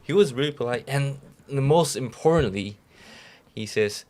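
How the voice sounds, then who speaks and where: A young man who is not a native English speaker, co-hosting a podcast and telling stories in a rambling, halting way. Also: mid-range voice. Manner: relaxed, rambling storyteller with halting restarts. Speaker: podcast co-host. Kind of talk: casual storytelling chat.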